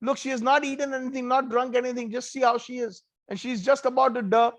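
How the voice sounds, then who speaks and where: A man's voice: very high voice, fairly even intonation, fast talker. A man voicing a worried village woman who pleads urgently on behalf of another in a devotional story. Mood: pleading.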